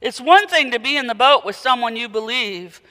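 A man preaching a sermon, dramatic, moving from quiet intensity to loud emphatic peaks. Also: very high-pitched, expressive, moderate pace. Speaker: pastor. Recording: long hall reverb.

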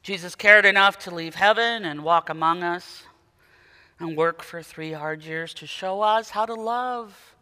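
A man preaching a sermon, dramatic, moving from quiet intensity to loud emphatic peaks. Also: high voice, measured pace, clean tone. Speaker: pastor. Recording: long hall reverb.

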